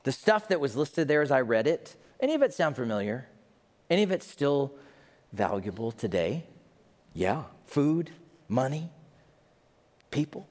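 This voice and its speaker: A man preaching a sermon in an animated way, briefly acting out the people he talks about in quick put-on voices. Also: mid-range voice. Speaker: pastor. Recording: long hall reverb.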